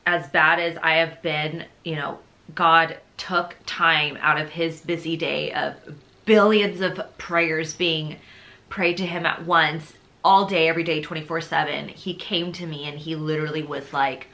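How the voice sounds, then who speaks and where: A young woman shares her faith testimony in a low yet bright, forceful voice. She talks casually and rambles, leaning on "like" and "you know", and is openly emotional and confessional. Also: steady tone, measured pace. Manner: chatty and rambling, heavy on fillers like "like" and "you know".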